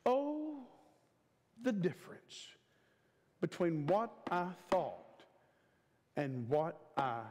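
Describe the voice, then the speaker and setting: In a church sanctuary, a guest preacher in his fifties delivers a sermon with an emphatic, repetitive cadence and stretched-out words. His slightly high, a little mellow voice swoops wildly in pitch, moving extremely slowly with long pauses. Long church hall reverb fills the recording.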